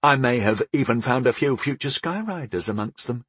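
A brisk, approving female captain reports on her troops, voiced by a male narrator. Her delivery is lively and a little husky, recorded dry and close. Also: medium pitch, no echo.

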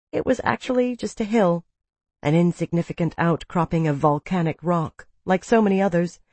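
An audiobook reader narrating a story in the first person, calm and steady. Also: medium pitch, dry recording.

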